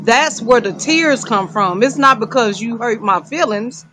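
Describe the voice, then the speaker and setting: A woman's voice: on the high side, unhurried, noisy background. A woman co-hosting a candid podcast, talking bluntly and heatedly, with frank profanity. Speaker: podcast co-host.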